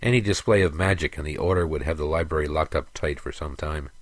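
Deep-voiced male storybook narrator. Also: no echo. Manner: measured, even storytelling. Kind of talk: audiobook narration.

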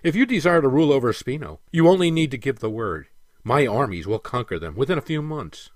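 A man's voice: mid-range voice, animated, brisk, no echo, clean studio sound, pitched above the performer's own voice, close to an everyday voice. A man reading the part of a blunt, combative general, the emperor's son, who talks with impatient force. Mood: defiant.

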